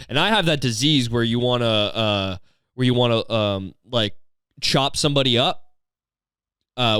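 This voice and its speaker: A man who is a comedian and podcast host, telling a rambling, profane story in a deadpan, digressive way. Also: medium pitch, smooth, no echo, clean studio sound.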